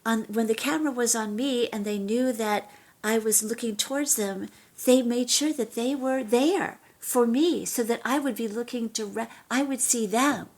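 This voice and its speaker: A middle-aged actress chatting as an interview guest, telling animated stories and often restarting her sentences. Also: on the high side, normal speed. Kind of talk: casual interview chat.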